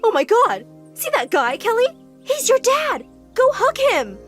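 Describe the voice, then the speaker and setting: A shrill, erratic mother, as a woman puts her on for an animated story, bursting out in high, loud cries. Her voice leaps all over the place as she panics and scolds. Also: fairly quick, soft background music. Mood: frantic. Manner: shrill, frantic outbursts. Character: erratic, excitable middle-aged mother.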